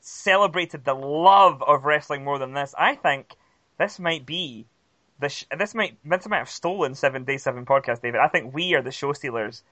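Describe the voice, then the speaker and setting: A playful man co-hosting a podcast who teases his partner. His voice is bright and a bit high, recorded close and dry. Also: normal speed, no echo. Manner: playful, teasing. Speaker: podcast co-host. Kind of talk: casual chat.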